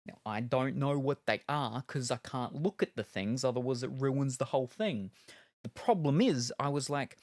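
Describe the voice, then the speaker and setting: A man's voice: medium pitch, normal speed, darkish tone, dry recording. A male streamer in casual chat while gaming, rambling and joking with lots of ums and uhs. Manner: rambling and jokey, with many fillers.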